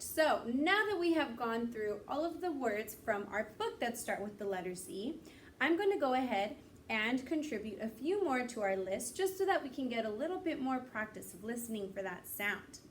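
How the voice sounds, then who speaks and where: A woman's voice: fairly high pitch, very animated, far from the mic, a little hiss or hum. Upbeat woman teaching young kids. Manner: slow, clear, encouraging teacher talk. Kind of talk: kindergarten phonics lesson.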